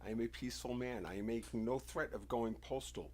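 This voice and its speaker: A man's voice: medium pitch, a little fast, darkish tone. Insistent, lecturing man on a livestream. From United States. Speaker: livestream host. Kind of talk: livestream monologue.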